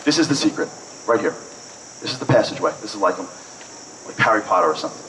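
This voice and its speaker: A man's voice: fairly low pitch, expressive, fast talker, fairly bright tone. Passionate man speaking from a distance. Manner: passionate, rising and falling with emphasis, acts out dialogue. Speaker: inspirational speaker. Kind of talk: motivational talk at a breakfast event. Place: event hall. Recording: distant mic with faint noise.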